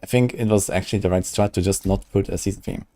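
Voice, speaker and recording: A man's voice: deep voice, fast talker, dark tone. A man in casual live-stream chat who speaks bluntly and emphatically and swears freely.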